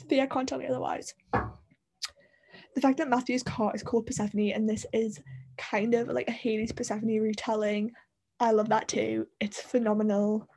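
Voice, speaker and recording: A woman's voice: on the high side, darkish tone. A young woman with a Northern English accent hosting a solo book-club podcast, gushing and rambling with lots of fillers. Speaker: podcast host.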